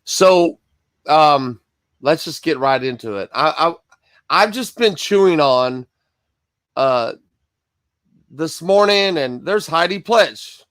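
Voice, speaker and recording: A man's voice: fairly high pitch, expressive, slow pace, long pauses, fairly bright tone, dry recording, studio quality. A man hosting a live-streamed Bible study from Michigan, chatting casually and greeting viewers by name between rambling asides.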